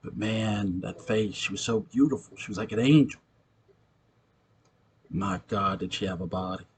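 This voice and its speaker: A man's voice: on the low side, normal speed, a little hiss or hum. Gritty New York ex-con storyteller man. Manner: gritty, streetwise, profane. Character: ex-convict man recounting a ghostly encounter. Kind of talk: acted monologue, recounting a tale.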